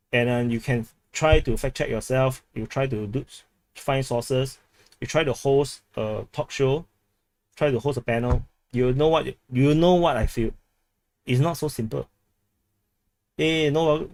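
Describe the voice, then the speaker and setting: A man with a Singaporean English accent hosts a live stream and talks loosely to his viewers. He repeats words as he goes and laughs a lot. His voice sits at an ordinary pitch and sounds dry and close. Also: darkish tone, dry recording. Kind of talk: casual live stream chat reading comments.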